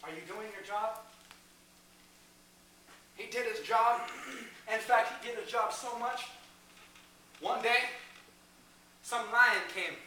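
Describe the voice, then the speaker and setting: Animated young preacher in an echoey hall. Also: male voice, high-pitched, slow pace, long pauses, a little hiss or hum. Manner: animated storytelling, shouting peaks, acts out quotes. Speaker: youth preacher. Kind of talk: energetic youth sermon. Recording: echoey hall, heard from a distance.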